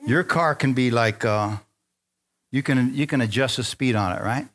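A man pastor preaching a sermon, calling on the congregation for amens, dropping to low asides and climbing to loud, rising exhortation, with jokey self-deprecating remarks. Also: normal speed. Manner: call-and-response preaching, asks the crowd for amens.

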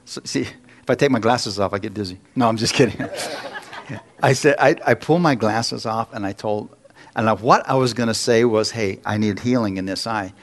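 A man's voice: lowish voice, moderate pace. A man preaching in church, telling a story with acted-out quotes and little jokes. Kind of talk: sermon testimony.

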